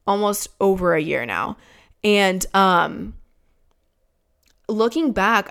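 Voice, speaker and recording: A woman's voice: mid-range voice, creaky, fairly bright tone. A young woman in her twenties, a podcast host telling a personal story in a frank, casual way, swearing often and filling her talk with "like". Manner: frank and swearing, many "like" fillers.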